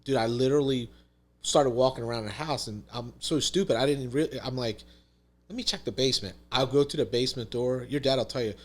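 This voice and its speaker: A man's voice: medium pitch, fairly quick. A man talking as a podcast guest, telling a story in casual conversation, emphatic, swearing freely and saying "dude" and "literally" a lot.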